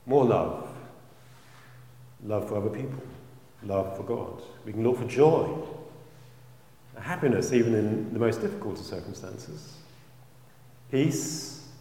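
Earnest male preacher, lowish voice, gentle delivery, echoing church hall. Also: measured pace, long pauses. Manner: gentle, earnest, drops very soft on quoted phrases. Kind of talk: sermon and spoken prayer. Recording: roomy hall with long reverb.

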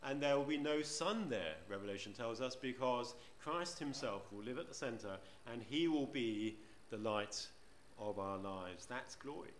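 A man's voice: mid-range voice, lively intonation, moderate pace, hardly any pauses, slight background noise. A man preaching a sermon in church, conversational, often asking the congregation rhetorical questions. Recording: roomy church echo.

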